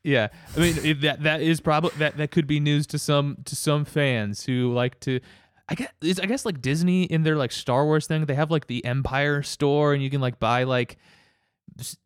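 A man chatting casually, rambling with halting restarts and laughing as he goes. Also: fairly high pitch, fairly even intonation, clear, resonant tone. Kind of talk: casual chat.

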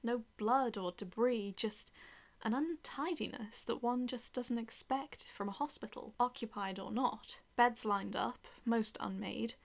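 Gravelly woman narrating a horror story. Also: a little high, unhurried. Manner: tense, dramatic, dropping to a whisper at times.

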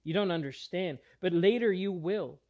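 A preacher voicing Jesus as a gentle but insistent teacher, speaking with calm earnestness in a slightly high voice. The lines are retold within a sermon. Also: male voice, moderate pace, lo-fi sound, close to an everyday voice. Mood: earnest.

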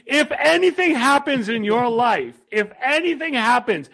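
A man telling a casual, animated story, laughing often and shouting when he quotes himself. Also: very high-pitched, measured pace, gravelly.

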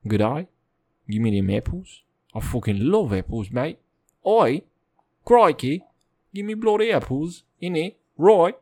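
A man's voice: fairly high pitch, animated, a little slow, long pauses, mellow, no room sound. A man putting on a pushy seventh-grade girl who suddenly fakes an Australian twang. Her voice swoops up and down and rises at the ends of phrases. She is bossy and demanding. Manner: demanding, pushy, mock accent.

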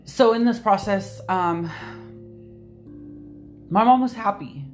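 A woman's voice: medium pitch, takes it slowly. A woman guest on a podcast telling a personal story candidly, hesitant and restarting often. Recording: soft music behind.

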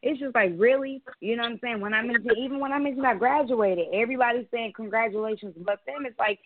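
Outspoken woman podcast co-host, casual and profane, a bit high, on a dry phone-like line. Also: fast talker, dry recording. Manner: candid storytelling, swears freely. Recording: dry tinny phone-like audio.

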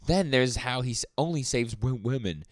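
A man's voice: mid-range voice, lively intonation, moderate pace, no room sound, studio quality. A man co-hosting a casual podcast, chatting with a laugh and acting out comic lines in put-on voices. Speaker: podcast co-host. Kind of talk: casual chat.

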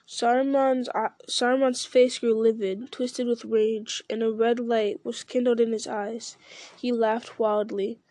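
A woman reading a novel aloud at a steady pace, with small slips and restarts. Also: on the high side, a little slow, no echo. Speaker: reader.

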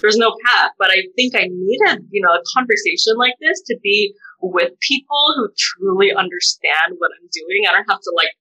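A woman with a bright, clear voice speaks as a guest in an interview. She talks in an animated way, full of fillers and restarts. Her voice jumps up high when she acts out what others say to her. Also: normal speed, few pauses, poor audio. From United States. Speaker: guest, therapist and doctoral researcher. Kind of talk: emotional conversational interview.

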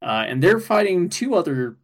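A man co-hosting a casual podcast, recapping an anime episode in an excitable way, swearing and laughing as he goes. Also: high voice, moderate pace.

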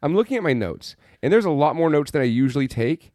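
A man's voice: fairly high pitch, big pitch swings, fast talker, a little mellow, dry recording, studio quality. A man co-hosting a podcast, recapping a film in a rambling, exasperated, profane way. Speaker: podcast co-host. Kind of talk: casual film review chat.

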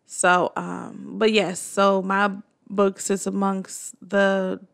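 Gravelly-voiced woman telling a story. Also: takes it slowly. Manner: animated storytelling, acting out quotes with pitch jumps. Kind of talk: casual chat.

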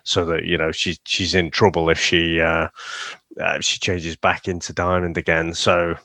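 Low-voiced man reviewing movies. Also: little pitch movement, normal speed, sharp tone, dry recording. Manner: rambling, frequent fillers and restarts. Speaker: podcast co-host. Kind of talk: casual movie review chat.

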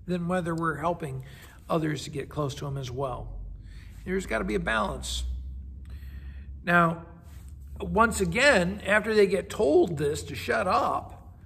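A man's voice: high voice, a bit bright, husky. A man, a pastor, giving a daily devotional in an earnest, conversational way, sometimes repeating words as he goes.

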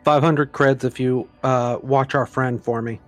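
A man speaking as a player in a tabletop role-playing game, talking in character in a direct, brisk way. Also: medium pitch, fairly even intonation, faint music behind.

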